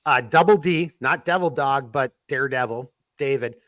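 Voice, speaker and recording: A man's voice: mid-range voice, moderate pace, fairly bright tone, no echo, studio quality. A man with a Minnesota accent hosting a podcast, joking and swearing in casual banter. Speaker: podcast host. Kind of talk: casual chat.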